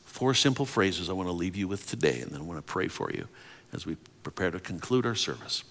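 A male pastor giving a sermon, moving from impassioned preaching to soft whispered prayer. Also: deep voice, animated, fairly quick. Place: church sanctuary. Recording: long reverb of a large hall.

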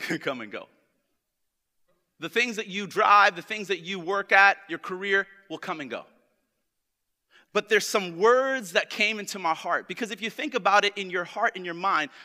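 A high, very bright male voice preaching a sermon, with a long reverb trailing off the walls of the church hall. He lingers over scripture with deliberate emphasis, keeps calling on the congregation with questions, and talks with open, heartfelt emotion. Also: animated. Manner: speaks with open emotion and personal warmth.

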